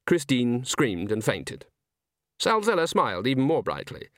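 A man narrates a scripted audiobook in a measured, expressive storytelling style, using a mid-range voice. The studio sound is clean, without echo.

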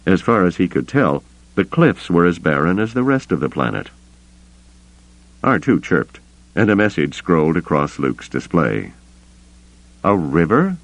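A man narrating an audiobook in an expressive, varied storytelling manner. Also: sits low, moderate pace, vocal fry, no room sound. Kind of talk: scripted narration. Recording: dull, muffled dry recording.

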